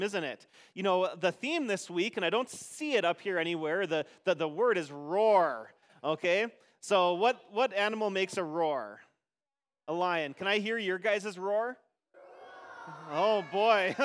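A man leading a children's message during a church service, talking gently and playfully with many restarts. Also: high-pitched, long reverb tail. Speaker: pastor. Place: church sanctuary.

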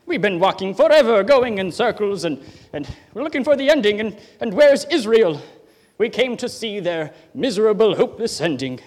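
A man acts out a miserly old grump on a stage, his high voice swooping wildly as he blusters and sighs. The hall rings with a long reverb behind him. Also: big pitch swings, normal speed, darkish tone. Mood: impatient. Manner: theatrical, sighing, blustering. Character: grumbling miserly old man, gloomy and self-pitying. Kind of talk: amateur stage play.

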